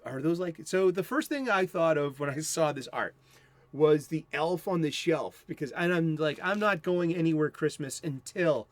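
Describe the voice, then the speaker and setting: A man's voice: fairly high pitch, no room sound. A man from the United States hosting a comic book show, talking in a rambling, profane, self-interrupting way. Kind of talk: casual rambling chat.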